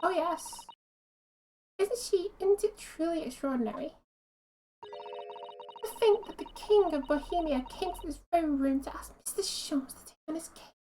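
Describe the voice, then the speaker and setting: A woman voicing a polite, gentle young woman assistant in a game. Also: extremely high pitch, normal speed, pauses often, slight background noise, pitched above the performer's own voice, rough recording.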